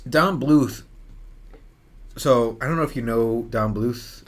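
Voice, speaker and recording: A man's voice: medium pitch, takes it slowly. A young man co-hosting a film podcast in casual chat, rambling with frequent restarts and fillers. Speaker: podcast co-host.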